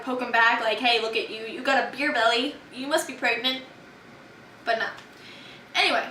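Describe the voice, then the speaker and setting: A woman's voice: high voice, sharp tone, a little hiss or hum. A teenage girl telling a chatty, exasperated storytime about her day out, filmed by a friend. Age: teens. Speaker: vlogger. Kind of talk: storytime vlog. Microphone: camera held by a friend. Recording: echoey room from far off.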